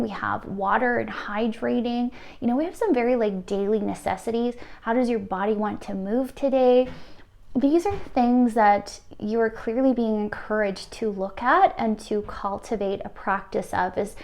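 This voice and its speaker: Woman card reader, slightly high voice, effusive and emotional delivery. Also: a little mellow. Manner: gushing, breathy laughs, emotional. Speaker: tarot reader. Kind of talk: intuitive card reading to viewers.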